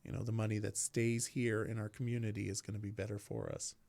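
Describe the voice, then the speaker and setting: A man from Vermont co-hosting a casual local politics talk show, speaking haltingly with many restarts. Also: on the low side, little pitch movement, creaky, darkish tone. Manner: halting, restarts, frequent fillers. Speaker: local podcast co-host, city councilor.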